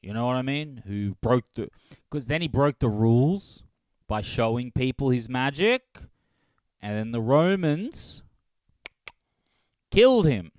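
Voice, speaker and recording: A man's voice: mid-range voice, animated, measured pace, no room sound. A man hosting a solo comedy podcast, rambling and swearing as he laughs at his own jokes. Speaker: podcast host.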